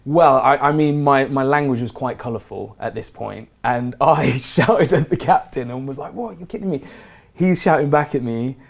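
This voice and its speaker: A man telling a story in casual conversation as a podcast guest, animated and laughing often. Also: mid-range voice, moderate pace, gravelly, hardly any pauses.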